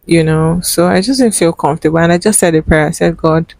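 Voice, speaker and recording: A woman's voice: lowish voice, fairly quick, creaky, darkish tone, no echo, rough recording. A young woman vlogger telling a personal story in an emotional, earnest way, with many fillers.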